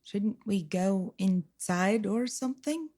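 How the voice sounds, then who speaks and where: A woman playing a character in a tabletop role-playing game, speaking in a dry, deadpan way. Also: medium pitch, slow pace. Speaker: player. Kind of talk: casual in-character play.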